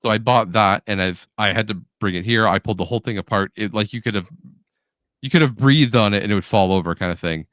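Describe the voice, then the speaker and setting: Talking at a quick pace in a voice on the low side, a man co-hosting a podcast spins a story and acts out what the characters said. It's a lively, casual chat, recorded dry with clean studio sound.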